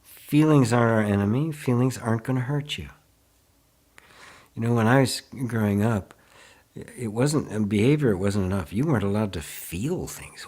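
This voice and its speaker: A man leading a live online satsang, speaking gently and unhurriedly, laughing often and answering viewer comments as he goes. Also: lowish voice, normal speed. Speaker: spiritual teacher.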